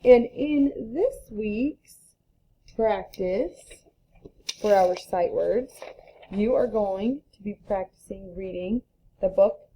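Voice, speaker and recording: Slow-talking teacher woman, lo-fi recording. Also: medium pitch, breathy edge. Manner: spells out letters and sounds out words slowly. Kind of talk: slow, deliberate reading lesson for young children. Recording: slightly dull lo-fi recording.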